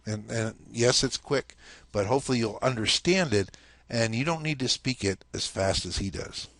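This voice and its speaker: A man's voice: mid-range voice, moderate pace, a bit bright, no echo. A man teaching a language lesson in a casual spoken style, explaining step by step and checking in often with "okay?".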